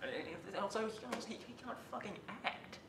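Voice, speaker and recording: A man reviewing a film in casual chat, blunt, profane and excitable. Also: a little fast, creaky. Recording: roomy room with faint rumble.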